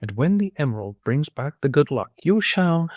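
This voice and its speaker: A man reading an audiobook, voicing a sick, jealous old man who wails, pleads and rages in turn, his voice climbing high and loud. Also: sing-song, normal speed, dry recording, clean studio sound. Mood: pleading. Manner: querulous, wailing, pleading. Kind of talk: audiobook character voice.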